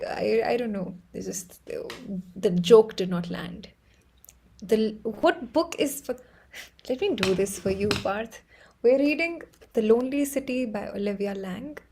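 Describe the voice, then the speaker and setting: A woman with an Indian English accent hosting a live stream, chatting casually and laughing often as she tells excitable stories. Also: medium pitch, creaky, slightly rough, low-quality recording. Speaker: livestream host.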